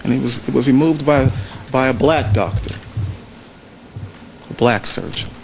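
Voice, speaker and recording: Measured man arguing to a jury. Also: mid-range voice, a little hiss or hum, poor audio. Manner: measured, repeats phrases for emphasis. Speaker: trial lawyer. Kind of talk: closing argument to a jury. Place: courtroom.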